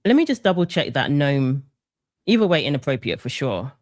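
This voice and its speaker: A woman hosts a livestream in casual, hesitant chat, her pitch moving a lot. Her voice is close and dry. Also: sing-song, normal speed, darkish tone, dry recording.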